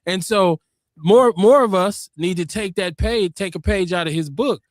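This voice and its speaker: An emphatic man hosting a talk podcast, his voice sitting a little high for a man. He tells stories with animated force, and the sound is close and dry with no room in it. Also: moderate pace, dry recording. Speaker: podcast host. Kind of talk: casual debate talk.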